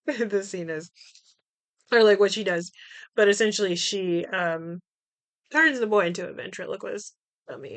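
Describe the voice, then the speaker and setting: A woman's voice: on the low side, fairly bright tone. A woman hosting a casual solo podcast, rambling with many fillers, little laughs and casual swearing. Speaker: podcast host.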